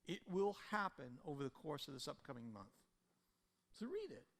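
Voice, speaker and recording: A male pastor preaching a sermon, swinging between loud emphatic peaks and soft conversational storytelling. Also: on the high side, big pitch swings, moderate pace. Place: church sanctuary. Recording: church hall reverb with soft guitar.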